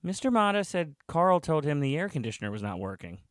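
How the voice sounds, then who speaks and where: A man's voice: a little high, sing-song, a little fast, dry recording, clean studio sound, voice pushed up. A man voicing a nervous, friendly female schoolteacher in a comic audio story, with a polite, lifted voice. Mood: matter-of-fact.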